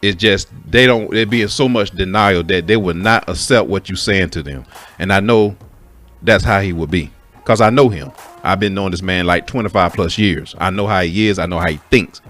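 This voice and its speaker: A man's voice: sits low, normal speed, fairly bright tone, faint music behind. A man telling a personal story in a candid, profane way, speaking straight to his listeners as folks. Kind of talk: casual spoken story.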